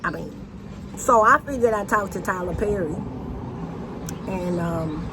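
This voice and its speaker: A woman talks casually and rambles, with lots of fillers, restarts and swearing. She is recorded outdoors near a road. Traffic noise runs clearly behind her voice. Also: on the low side, measured pace, long pauses, sharp tone. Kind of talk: rambling personal monologue. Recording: noisy with passing traffic.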